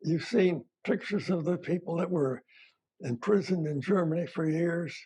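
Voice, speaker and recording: Older veteran man, husky, plain-spoken oral history, halting delivery. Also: fairly high pitch, dark tone. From United States. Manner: plain-spoken, halting, with fillers and self-corrections. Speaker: retired army veteran.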